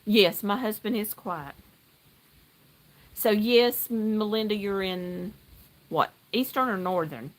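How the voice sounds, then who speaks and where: A middle-aged woman from North Carolina, chatting casually with viewers on a livestream, excitable and greeting people by name. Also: medium pitch, slow pace, long pauses. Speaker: livestream host. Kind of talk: casual live chat while knitting. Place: outdoor deck at home.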